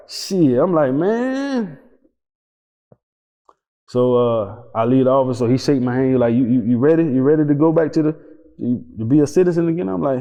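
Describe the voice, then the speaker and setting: Male interview guest, lively storyteller who acts out every line of dialogue, cusses often; reverby room. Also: medium pitch, normal speed. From Tampa, Florida. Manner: animated, acts out dialogue, swears freely. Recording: roomy reverb, dull lo-fi sound.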